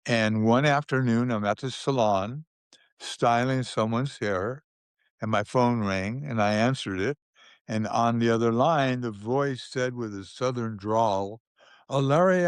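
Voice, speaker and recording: An older man, a guest in an interview, telling anecdotes in an unhurried way, with restarts and small chuckles. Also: mid-range voice, clear, resonant tone, dry recording.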